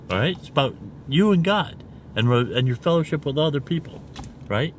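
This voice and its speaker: A man preaching casually in a video, rambling and repeating "okay?" after each point and spelling words out slowly. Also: fairly high pitch, expressive, slight background noise. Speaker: self-made online preacher.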